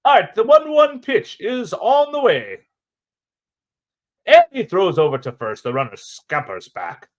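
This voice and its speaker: A man putting on the voice of an old-time 1940s radio baseball announcer, with a slow, drawn-out, theatrical delivery. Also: sits high, big pitch swings, pitched above the performer's own voice. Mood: announcing.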